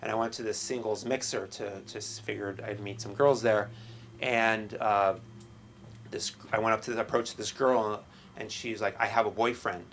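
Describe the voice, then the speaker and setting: A middle-aged man doing a stand-up set at an open mic in a small comedy club, with a halting, self-deprecating delivery full of restarts. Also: fairly low pitch, fairly even intonation, a bit bright, a little hiss or hum.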